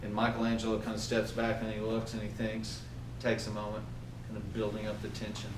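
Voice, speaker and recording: A man giving a motivational training talk to a group, animated and often asking his listeners questions. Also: on the low side, brisk, noisy background. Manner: animated, asks the audience questions. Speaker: workplace trainer. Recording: echoey room from far off.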